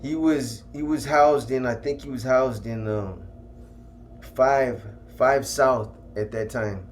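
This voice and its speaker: A man's voice: mid-range voice, slow pace, a little hiss or hum. A man telling stories from his past in a casual, laid-back way, dropping slang and ending lines with "man". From California. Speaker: storyteller recounting his past. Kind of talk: casual first-person storytelling.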